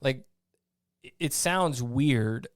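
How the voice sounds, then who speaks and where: Man, army veteran, interview guest, blunt storyteller, acts out old conversations, clear smooth voice, dry close sound. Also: medium pitch, extremely slow, dry recording. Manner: animated storyteller who acts out his own past lines; blunt, salty.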